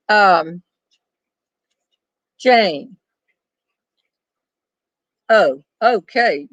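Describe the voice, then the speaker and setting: An older woman holds forth on a back porch in a wry, chatty way, laughing easily as she reads questions to her friend. Her voice sits at a middle pitch and comes through close and dry, with almost no room sound. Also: no room sound, poor audio. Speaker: storyteller host reading viewer questions. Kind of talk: casual chat with a friend.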